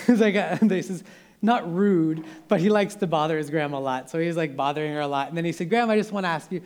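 A man's voice: high-pitched, darkish tone. A young man preaching a sermon in an earnest, conversational way, often restarting his sentences.

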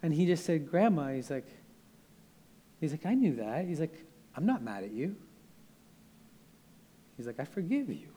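A young male preacher gives a sermon in a slightly higher-than-usual voice. He talks in an earnest, conversational way, circling back and restarting his sentences as he goes. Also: very animated, moderate pace, long pauses, mellow.

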